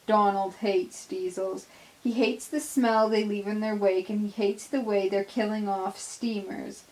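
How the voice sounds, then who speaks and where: Brief: woman narrator, unhurried storybook reading, mid pitch. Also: steady tone, darkish tone, rough recording. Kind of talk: fan fiction audio reading.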